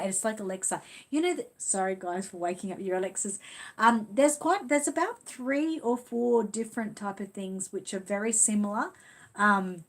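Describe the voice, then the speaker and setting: An Australian woman hosts a relaxed live stream, chatting through her viewers' comments in a friendly, easygoing way. Her voice sits in a middle pitch, and she talks casually and reacts with small laughs as she goes. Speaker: channel host reading viewer comments.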